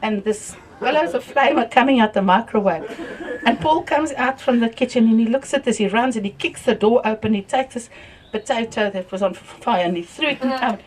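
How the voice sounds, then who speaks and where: An older woman with a South African accent, telling lively stories at a wake and laughing often through them. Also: on the high side, fairly quick. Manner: lively storyteller, laughs through tales, softens when thanking people. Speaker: family member speaking at a wake. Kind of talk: anecdotal eulogy storytelling. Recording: voice from far off the mic.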